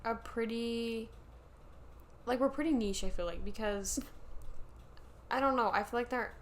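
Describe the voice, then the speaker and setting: A woman's voice: fairly high pitch, unhurried, slight background noise. A young woman co-hosting a podcast, talking in a chatty casual way full of "like" fillers. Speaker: podcast co-host. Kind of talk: casual chat.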